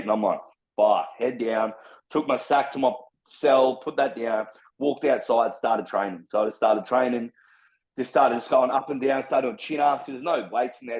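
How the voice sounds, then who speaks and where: A man's voice: mid-range voice, dull audio. An Australian man telling his story as a podcast guest, blunt and full of slang and swearing. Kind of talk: casual storytelling.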